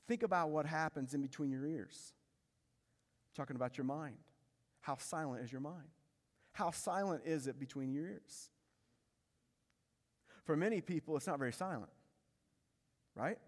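Pastor preaching in a reverberant hall. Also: male voice, a little high, normal speed, pauses often. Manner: emphatic, repeats phrases, asks rhetorical questions. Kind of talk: sermon. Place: church sanctuary. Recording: long reverb of a large hall.

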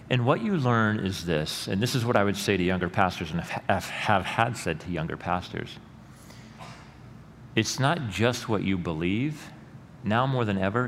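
A middle-aged male pastor preaching a sermon in a church, earnest and rising to loud emphatic peaks. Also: on the low side. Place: church sanctuary. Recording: long hall reverb with faint room noise.

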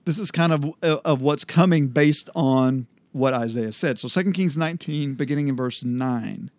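A man hosting a casual Bible study chat, explaining scripture in a relaxed way with frequent ums and restarts. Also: mid-range voice, normal speed, no echo.

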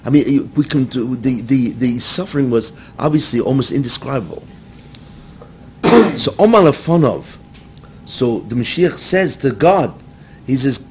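A man lecturing on a sacred text, moving from steady explanation to sudden raised, emotional emphasis. His voice sits at an ordinary middle pitch, with a faint low rumble in the background. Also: unhurried. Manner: explains texts, rising to dramatic emphasis. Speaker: Torah teacher. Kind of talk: religious lecture.

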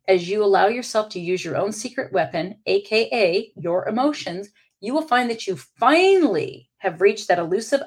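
A middle-aged woman hosting a motivational coaching podcast, talking candidly and emphatically to her listeners. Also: mid-range voice. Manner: candid and emphatic, with casual swearing. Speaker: podcast host and leadership coach.

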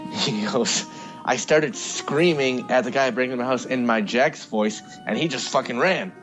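A man in casual chat about a TV show, retelling anecdotes in a relaxed way. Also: medium pitch, unhurried, over music. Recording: dull lo-fi audio.

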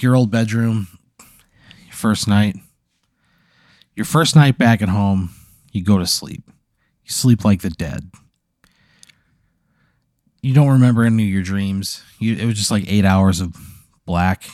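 Podcast host, man, warm low-key voice, rambling improv storytelling, dry mic. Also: a little slow, pauses often, no echo. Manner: meandering, lots of "like", throat clearing.

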